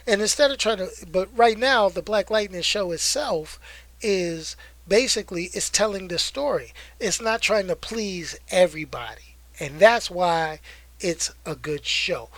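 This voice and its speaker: Animated high-voiced male host. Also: no echo. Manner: animated, hyped, slangy. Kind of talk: casual live-stream chat.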